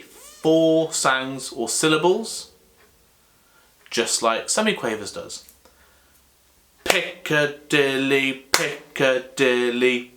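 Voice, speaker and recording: A man explains drum notation at a slow, patient pace. His voice is bright and forward, and he says key words over and over to make each rhythm clear. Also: medium pitch. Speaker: drum teacher. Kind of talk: relaxed music lesson.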